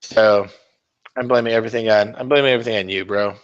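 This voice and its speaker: A man's voice: on the low side, steady tone, fast talker, lo-fi sound. A man hosting a casual miniature-painting livestream, rambling and swearing in a self-mocking way as he talks to viewers. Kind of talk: casual live-stream chat while painting.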